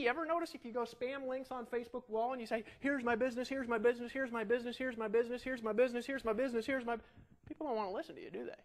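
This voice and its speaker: A middle-aged man giving an energetic marketing webinar, animated and ranting, full of rhetorical questions. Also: very high voice. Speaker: online marketing instructor.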